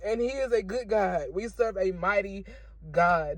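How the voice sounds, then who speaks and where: A woman shares her faith testimony in a casual vlog. She talks emotionally and keeps repeating herself, preaching to her viewers, at a middle pitch. Her voice sounds dry and close, recorded in her car. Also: measured pace, dry recording. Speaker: vlogger sharing a faith testimony.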